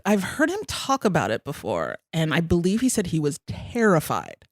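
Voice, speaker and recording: Woman podcast host, chatty and giggly, animated delivery, dry sound. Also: fairly low pitch, normal speed, dry recording. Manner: chatty and giggly, often laughing. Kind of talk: casual chat.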